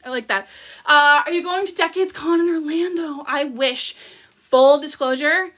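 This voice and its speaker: A Canadian woman in her thirties chats on her livestream with a high, bright voice. She sounds bubbly and gushing, and she keeps thanking her viewers by name in a casual, chatty way. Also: moderate pace. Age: 30s. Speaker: livestream host.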